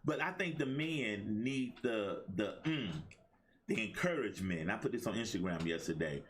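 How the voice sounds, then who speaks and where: A man's voice: on the low side, expressive, normal speed. A middle-aged man hosting a motivational livestream, talking in a preachy call-and-response style. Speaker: host and life coach.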